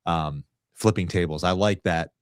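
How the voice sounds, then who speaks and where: A man hosts a casual podcast chat in a very deep voice, relaxed and agreeable, with plenty of fillers as he talks. The sound is dry and close, with no room around it. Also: moderate pace, smooth, no echo. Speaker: show host.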